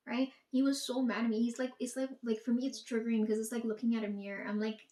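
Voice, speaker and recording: High-voiced woman ranting in an echoey room. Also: level tone, quick pace, few pauses, mellow. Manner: profane, ranting, quotes herself and others. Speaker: vlogger. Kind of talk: casual monologue.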